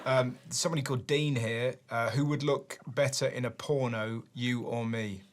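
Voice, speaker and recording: Man, comedy show host, animated, quick to laugh, clear background noise. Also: mid-range voice. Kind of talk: casual comedic chat. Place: television studio.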